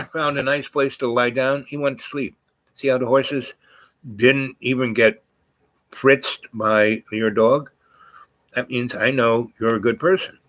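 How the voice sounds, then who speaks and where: A man voicing a calm little girl who knows horses, giving patient step-by-step instructions in a voice close to his own. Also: mid-range voice, no echo, natural voice.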